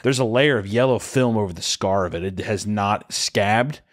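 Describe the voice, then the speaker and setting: A young man co-hosts a podcast, his voice on the low side at a normal speed. He tells a story casually and comedically, swearing a lot, and acts out the people in it with animated, screamed quotes.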